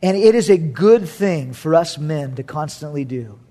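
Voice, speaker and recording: A man's voice: on the high side, expressive, moderate pace, mellow. A middle-aged male pastor preaching a sermon, emphatic, repeating key phrases with playful asides.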